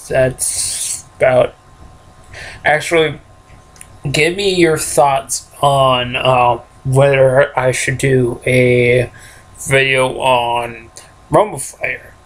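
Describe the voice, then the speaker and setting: Unhurried, rambling let's play guy. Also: mid-range voice. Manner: rambling, chuckling to himself. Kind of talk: casual gameplay commentary.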